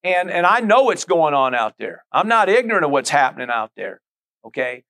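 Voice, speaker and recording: A man's voice: a little high, very animated, fairly quick, bright, forceful tone. Conversational male pastor preaching. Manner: conversational preaching with many asides and repetitions. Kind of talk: sermon.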